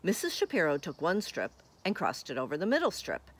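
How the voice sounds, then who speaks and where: A woman's voice: lowish voice, huge pitch swings, brisk, slightly rough. A woman reading a children's picture book aloud, friendly and speaking directly to young listeners. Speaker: storybook reader.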